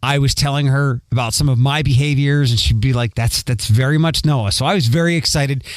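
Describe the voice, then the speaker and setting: On a dry recording, a man with a mid-range voice talks fairly quickly. He hosts a podcast, rambling self-awarely through a casual monologue, and a faint, mostly trained-out Philadelphia accent slips through.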